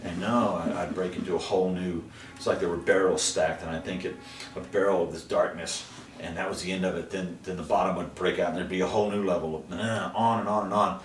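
A middle-aged man from Texas, a guest in an interview, telling about his dreams in an animated way, jumping to high exclamations when he acts out scenes. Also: quick pace, far from the mic. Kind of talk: personal storytelling in an interview. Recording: roomy, from away from the mic, faint background hiss.

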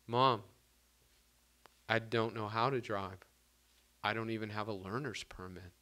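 A man's voice: lowish voice, measured pace, sharp tone. A man reading the lines of a frightened teenage boy in his own plain voice. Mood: scared.

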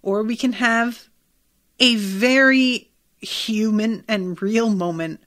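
A woman's voice: fairly high pitch, slow pace, fairly bright tone. A woman hosting a TV recap podcast, talking candidly and swearing freely, now and then acting out lines from the show. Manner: candid, swears freely, quotes scenes in a light acted tone. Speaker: podcast host.

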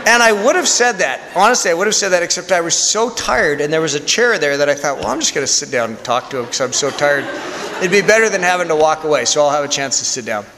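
A priest telling a story in a candid, conversational sermon with self-deprecating humor. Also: male voice, on the high side, lively intonation, quick pace, noisy background. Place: church. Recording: long church reverb.

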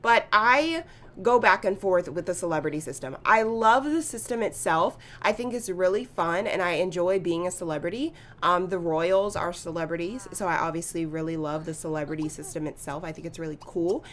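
A woman hosting a casual let's-play, chatting excitedly and reacting out loud to the game. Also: lowish voice, moderate pace, a little hiss or hum. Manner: chatty, excitable, gasps and laughs at the action. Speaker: gaming channel host.

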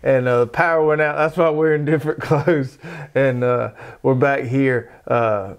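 A middle-aged man with a Southern US drawl, chatting casually as host of a gardening show. His delivery is folksy and rambling, full of fillers, at a middling pitch. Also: steady tone, normal speed, clear, resonant tone. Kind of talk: casual chat.

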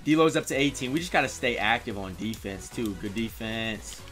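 Man, gaming commentator, hypes his plays and coaches the players on screen, soft music underneath. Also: fairly low pitch, moderate pace. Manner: excitable, talks to players on screen. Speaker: gaming YouTuber. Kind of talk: live gameplay commentary.

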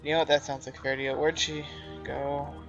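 A man's voice: on the high side, flat delivery, a little fast, gravelly, muffled recording. Sarcastic young man voicing over gameplay. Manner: sarcastic, profane running commentary. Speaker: gamer. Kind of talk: let's play commentary. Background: game music.

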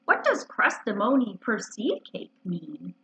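A woman's voice: mid-range voice, huge pitch swings, sharp tone, exaggerated voice. Winnie-the-Pooh, a woman doing a humble toy bear. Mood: earnest. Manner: slow, earnest and wistful. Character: humble simple-minded male toy bear. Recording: dull lo-fi recording.

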